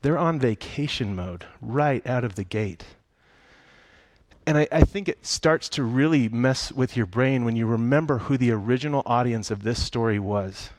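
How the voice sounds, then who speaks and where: A man preaches in a relaxed, conversational manner, mixing humor into his storytelling. His voice sits at a middle pitch. The recording is dry and close, with no room echo. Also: normal speed. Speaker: pastor. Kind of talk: sermon.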